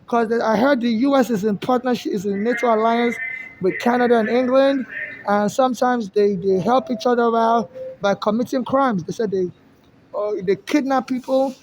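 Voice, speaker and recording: Man, high voice, rambling casual monologue, lots of restarts, faint background hiss. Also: normal speed, poor audio. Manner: rambling, with frequent restarts and fillers.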